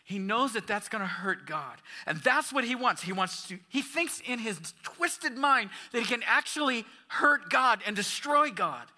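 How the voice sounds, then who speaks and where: Bright, high-voiced preaching man. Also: expressive, a little slow, few pauses. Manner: emphatic, rising and falling preaching with questions to the congregation. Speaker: pastor. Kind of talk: sermon.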